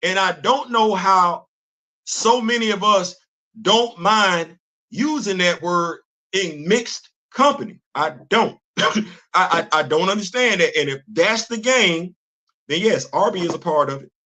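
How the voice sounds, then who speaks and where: A man's voice: high voice, animated, unhurried, bright, forceful tone. An older man hosting a livestream commentary show, talking with animation and repeating words as he starts sentences. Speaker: host.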